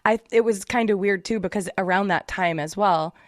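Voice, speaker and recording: A woman's voice: medium pitch, a little fast, no room sound, studio quality. A woman guest on a podcast, telling a story in a rambling way with many fillers. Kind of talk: casual storytelling.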